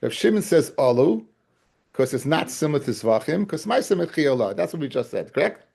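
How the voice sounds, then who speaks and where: A man with a slightly high, sing-song voice, a touch mellow and slightly rough with vocal fry, teaches a Talmud class briskly. He repeats key points, restarts to drive them home, and regularly checks whether his guys and fellas are following.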